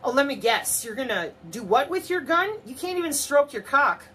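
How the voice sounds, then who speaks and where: A woman's voice: high-pitched, very animated, moderate pace, bright, forceful tone. A woman in a mocking, profane monologue to camera, full of sarcasm. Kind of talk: ranting monologue.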